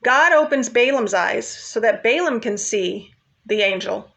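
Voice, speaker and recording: A woman's voice: fairly high pitch, animated, measured pace, creaky, a bit bright. Chatty woman retelling a Bible story. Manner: chatty, informal, with asides to viewers.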